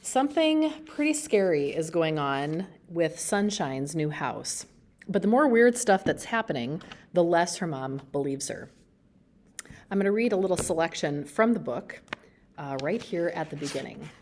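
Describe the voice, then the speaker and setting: Low-voiced woman giving book talks. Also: sing-song, moderate pace, a little mellow. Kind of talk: book talk presentation.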